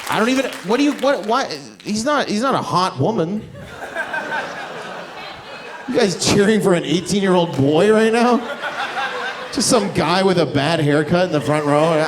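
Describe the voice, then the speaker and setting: A man's voice: high voice, sing-song, a little slow, long pauses. A man from Canada doing profane, brash stand-up comedy with crowd work on a club stage. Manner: brash, profane, shifts into mocking voices. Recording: live club recording with loud crowd and noise. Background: audience laughter and cheering.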